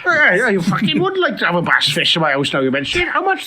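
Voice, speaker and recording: A man's voice: high-pitched, huge pitch swings, fast, hardly any pauses, background noise. A man co-hosting a podcast, riffing crudely and putting on silly voices. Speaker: podcast co-host. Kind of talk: casual comedic riffing.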